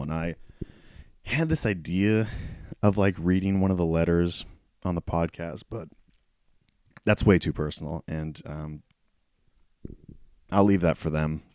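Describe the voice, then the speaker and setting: A man hosting a solo podcast, talking candidly in a casual, self-deprecating way, often clearing his throat as he loses his voice. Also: low-pitched, dark tone, no room sound, clean studio sound. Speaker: podcast host.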